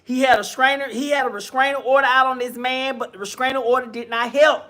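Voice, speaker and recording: Sassy high-voiced man gossiping live. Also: steady tone, bright, forceful tone. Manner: sassy, swearing, drawn-out exclamations. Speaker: commentary streamer. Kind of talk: casual live-stream gossip commentary.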